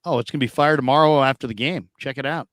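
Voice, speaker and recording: A man's voice: mid-range voice, fast talker, a bit bright, dry recording, studio quality. A man hosting a casual show, telling stories, laughing often and reading viewer comments aloud. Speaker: host.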